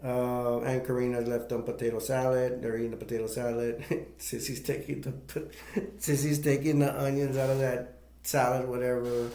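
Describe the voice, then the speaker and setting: A man's voice: mid-range voice, flat delivery, moderate pace, mellow, reverberant. A man casually retelling the plot of a movie for a review, rambling with many fillers and restarts.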